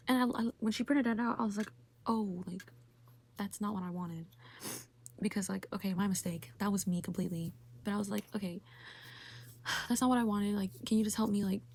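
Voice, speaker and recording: A young woman vlogger with a mid-range, somewhat dark voice rants casually about something that frustrated her. She sounds exasperated, says "like" constantly, and swears a lot.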